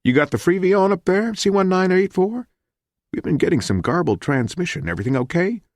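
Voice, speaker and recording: Brisk male radio controller, bright clipped chatter, raised pitch, as a man voices him. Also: very animated, no room sound, studio quality. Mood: breezy.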